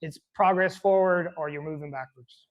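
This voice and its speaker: A man's voice: on the high side, fairly even intonation, normal speed, rough recording. A man who is a fire captain, answering interview questions earnestly and reflectively, with many restarts. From American South.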